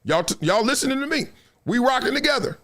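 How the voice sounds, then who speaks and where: A man hosting a live sports talk stream, lecturing his viewers in a casual, slangy, animated way with laughs between points. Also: extremely high pitch, quick pace. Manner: animated, preachy, drops into quoted voices. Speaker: sports talk show host. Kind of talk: live-streamed commentary monologue.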